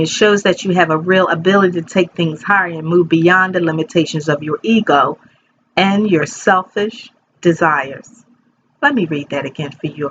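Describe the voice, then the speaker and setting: A woman's voice: sits low, highs cut off, slight background noise. Chatty woman in her fifties reading tarot. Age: 50s. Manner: chatty, rambling, talks straight to viewers. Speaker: tarot reader. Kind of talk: casual tarot reading chat. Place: bedroom at home.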